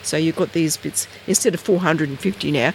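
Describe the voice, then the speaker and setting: Animated Australian storyteller. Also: fairly quick, creaky, a little hiss or hum. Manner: animated, rambling, acts out dialogue with big pitch jumps. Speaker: interviewee, researcher. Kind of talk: casual storytelling.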